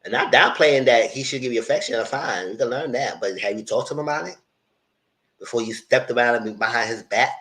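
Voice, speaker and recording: A man's voice: medium pitch, brisk, rough recording. A man giving a casual, opinionated live recap of a reality show episode. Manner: animated, opinionated, talks straight to people. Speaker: TV show reviewer.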